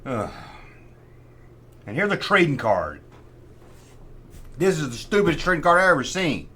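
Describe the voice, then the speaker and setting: A man's voice: a little high, very animated, moderate pace, pushed and bright, husky. A middle-aged man hosting a casual collector's show-and-tell, rambling with sarcastic, mock-outraged asides. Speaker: host.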